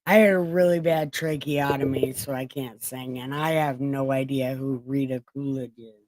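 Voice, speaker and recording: A woman in her forties hosting a livestream in casual, joking chat, swearing freely and laughing often, with a flat, robotic-sounding voice. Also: rumbling low, normal speed, no echo, low-quality recording. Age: 40s. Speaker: livestream host.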